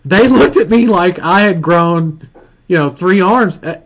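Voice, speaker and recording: A man from Birmingham, Alabama, with a Southern Alabama accent, hosts a casual marketing live call that plays like a coaching chat. His voice is high-pitched, animated and unhurried as he tells folksy stories and laughs often. The video call audio sounds dull and lo-fi.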